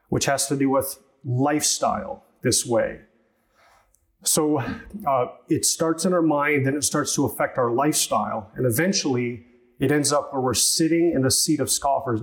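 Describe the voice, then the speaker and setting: A man in the pulpit delivering a sermon at an even, mid-range pitch. He teaches step by step, explaining the passage and leaning on rhetorical questions to draw listeners along. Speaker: pastor.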